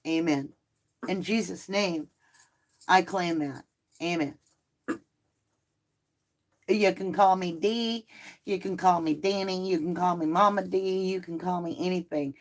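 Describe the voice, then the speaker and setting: A woman's voice: on the low side, measured pace, long pauses. A middle-aged woman with a mixed Southern and Northern American accent, hosting a casual live chat and answering viewer comments. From Southern United States. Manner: chatty and animated, laughing easily. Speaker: live stream host.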